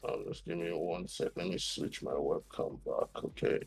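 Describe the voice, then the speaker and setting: Gravelly Nigerian man learning to code. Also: a bass voice, huge pitch swings, moderate pace, a little mellow, soft background music. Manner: casual, easily flustered. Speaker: coding student. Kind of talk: live-streamed coding lesson.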